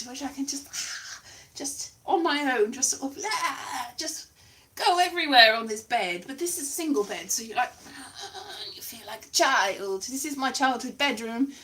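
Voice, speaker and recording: A woman's voice: high voice, sharp tone. A young woman rambling through a casual, self-mocking monologue from her bedroom, full of asides and restarts. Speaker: solo show performer.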